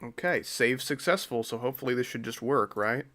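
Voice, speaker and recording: Speaking a little fast in a medium-pitched, pushed, bright voice, a young man streams and chats casually. He jokes and rambles, and his voice sometimes drifts off into mumbles.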